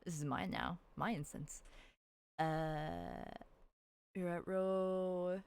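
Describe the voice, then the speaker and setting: A woman's voice: lowish voice, slow pace, long pauses, clear, resonant tone, dry recording. A woman livestreaming a video game, chatting casually to her viewers, rambling and giggling, and squealing over cute characters. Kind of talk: casual gameplay commentary to chat.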